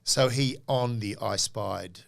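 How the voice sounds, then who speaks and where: A man's voice: lowish voice, takes it slowly, creaky. An Australian man in his forties, a podcast co-host telling stories in an interview and acting out what people said. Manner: animated storyteller, acts out quotes. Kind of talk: casual interview storytelling.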